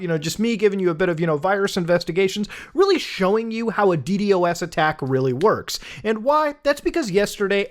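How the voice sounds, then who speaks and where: A man hosting a casual tech commentary video, talking energetically and often tacking "okay?" onto his sentences. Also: high voice. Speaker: YouTube host.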